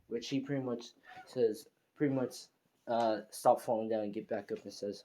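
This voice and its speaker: A man's voice: mid-range voice, fairly even intonation, moderate pace, mellow. Rambling man narrating a fan story. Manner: rambling, heavy filler, hesitant restarts. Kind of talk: casual improvised story narration.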